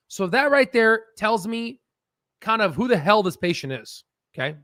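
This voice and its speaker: High-voiced rambling man, dry close sound. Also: big pitch swings, normal speed, a bit bright, no echo. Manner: rambling, profane, laughs at own jokes. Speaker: stock research channel host. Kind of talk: casual off-the-cuff explainer. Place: at a standing desk.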